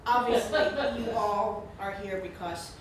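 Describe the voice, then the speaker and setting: A woman's voice: mid-range voice, unhurried, noisy background. Woman chatting from far off, echoey room. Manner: warm, chatty, laughs often. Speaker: speaker introducing the author. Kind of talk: casual spoken introduction at a book event. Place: indoor reception room.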